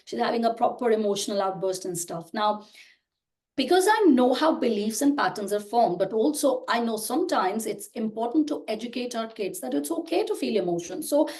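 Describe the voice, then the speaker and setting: A woman in her thirties with a fairly high voice talks as a podcast guest. She explains earnestly and casually, circling back with "you know" and restarting her sentences as she goes. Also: animated, brisk, a little mellow. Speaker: podcast guest, personal growth creator.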